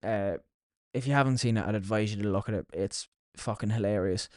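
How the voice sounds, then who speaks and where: A man's voice: on the low side, a little fast, no room sound, studio quality. Sweary young Irish man chatting. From Ireland. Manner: sweary, mocking. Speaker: podcast host. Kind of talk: casual solo podcast chat.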